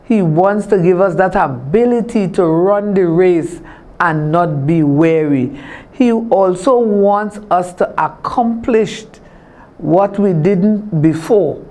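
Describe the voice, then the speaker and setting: A middle-aged woman minister from Tobago preaches. Her voice sits low and she takes her time. Her lines keep returning in a steady, declaring cadence. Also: slow. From Trinidad and Tobago. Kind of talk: televised sermon.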